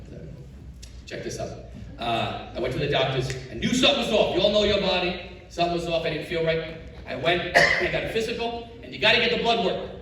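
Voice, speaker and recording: A middle-aged male stand-up comic performs an animated storytelling set in a lively, high voice. The sound is roomy and echoey, caught from a distance with audible background noise. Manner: animated storyteller acting out dialogue. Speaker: stand-up comedian. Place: comedy show stage. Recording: echoey live room from far off, noisy. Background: audience laughter.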